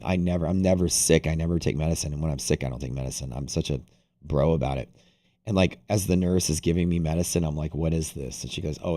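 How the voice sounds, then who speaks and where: Casual streamer host, young man, very deep voice, loose rambling storyteller. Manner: rambling, animated, heavy use of "like". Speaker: day-trading livestream host. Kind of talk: casual storytelling to a live audience.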